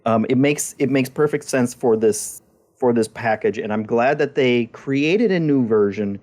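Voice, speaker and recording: A man's voice: medium pitch, unhurried, darkish tone. A man co-hosting a games podcast, talking casually and often repeating words as he thinks. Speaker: podcast co-host. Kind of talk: casual chat.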